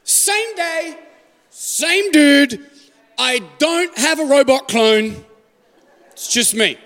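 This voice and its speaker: A man's voice: very high voice, animated, very slow, fairly bright tone. A man with an Australian accent preaching a sermon to a live congregation as pastor, joking and putting questions to the room. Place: church hall. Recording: live church hall reverb.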